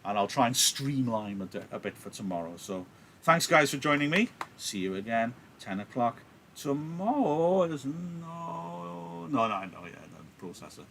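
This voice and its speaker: Guy teaching a play on a live stream, joky and chatty, bright tone, laptop mic. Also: mid-range voice, very animated, a little slow, creaky, a little hiss or hum. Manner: chatty, joking, apologetic. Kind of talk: live reading and explaining a play.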